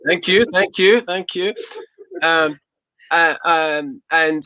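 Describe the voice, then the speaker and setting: A man in his forties with a bright, forceful tone sits as a guest singer in a casual interview. He tells his story in a reflective, unhurried way, repeating words as he gathers his thoughts, and his voice sounds close and dry. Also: on the high side, no echo. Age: 40s.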